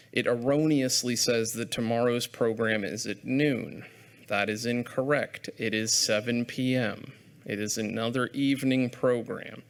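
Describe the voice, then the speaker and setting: A man hosting a live lecture event, making chatty, self-deprecating announcements to an audience in a hall. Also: mid-range voice. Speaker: event host and program organizer.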